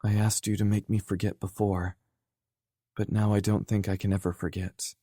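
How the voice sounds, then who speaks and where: A male narrator voicing a shaken young woman who speaks softly and hesitantly. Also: fairly low pitch, level tone, moderate pace, no room sound, studio quality, natural voice. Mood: pleading.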